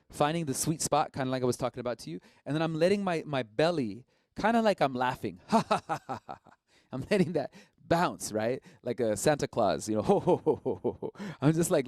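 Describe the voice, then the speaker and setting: A man teaching a live-streamed didgeridoo lesson, relaxed and encouraging, often checking in with his listeners. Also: mid-range voice, no room sound.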